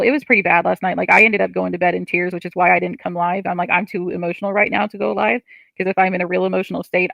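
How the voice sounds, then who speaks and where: A frustrated woman venting on her livestream between chat comments, with a heavily gravelly, fry-laden voice. Her tone is bright and tense, and she swears freely. The sound is dry and close. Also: lowish voice, no room sound. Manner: frustrated, ranting, swears often.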